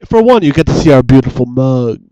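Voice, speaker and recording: A man's voice: medium pitch, very animated, a little fast, dark tone, no room sound, muffled recording. A man co-hosting a casual webcam chat show, joking and mocking himself, recorded on a cheap desk microphone. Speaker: co-host and editor.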